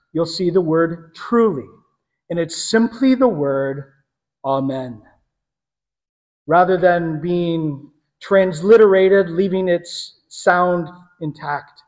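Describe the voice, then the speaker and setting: A man preaching a sermon to a congregation in a conversational teaching manner, pausing to correct himself. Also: a little high, big-room sound, rough recording.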